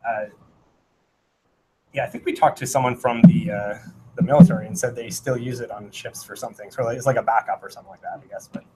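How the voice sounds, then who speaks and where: A man talks a small meetup audience through a hands-on gadget demo at a middling pitch. His talk is loose and rambling, full of "um"s and restarts. Now and then he sings out rhythms as he goes. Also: quick pace, background noise. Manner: rambling, many fillers and self-corrections, sings out Morse rhythms. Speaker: meetup presenter. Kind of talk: casual technical talk with live demo. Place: meetup room.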